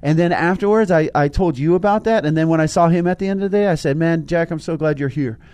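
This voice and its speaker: A man's voice: on the high side, fast, clean tone, no room sound. A man co-hosting a casual spiritual talk show, telling stories with lots of restarts. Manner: animated storytelling, frequent restarts. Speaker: co-host.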